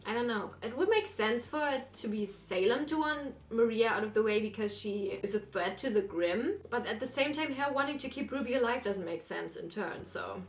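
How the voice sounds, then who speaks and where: A woman's voice: on the high side, moderate pace, few pauses. A woman hosting a reaction video, chatting casually and rambling, with apologetic asides. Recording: roomy echo.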